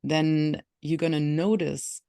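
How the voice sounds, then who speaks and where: A guest with a German accent, a software engineering professor whose first language is German, answering interview questions in a measured, teacherly way. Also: mid-range voice, fairly even intonation, creaky.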